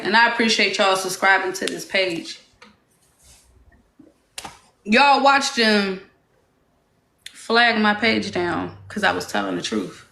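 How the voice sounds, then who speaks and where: A woman's voice: mid-range voice, vocal fry, sharp tone. A woman hosting a casual live stream, talking in a defiant, drawling way. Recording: roomy echo with faint noise.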